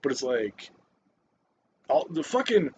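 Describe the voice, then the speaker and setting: A man's voice: mid-range voice, very animated, takes it slowly, a little hiss or hum. Rambling, foul-mouthed man reviewing a movie. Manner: rambling, heavy swearing, many fillers and restarts. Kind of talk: casual spoken movie review.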